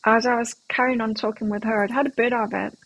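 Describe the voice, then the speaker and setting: Husky, chatty woman tarot reader. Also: a little high, steady tone, fast talker, a bit bright, no room sound, muffled recording. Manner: chatty and rambling, telling anecdotes. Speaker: tarot reader and live-stream host. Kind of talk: casual live-stream chat between tarot readings.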